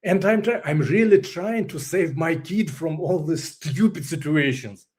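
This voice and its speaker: Russian-accented man, non-native English speaker, candid interview guest, halting delivery with frequent laughs. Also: on the high side. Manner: halting, searches for English words, laughs often. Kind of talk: candid personal story.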